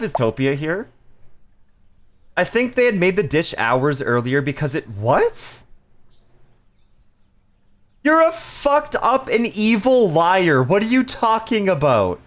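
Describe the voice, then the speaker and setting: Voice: mid-range voice, sing-song, unhurried. A streamer playing a cooking game live, bantering and swearing at chat with frequent laughter.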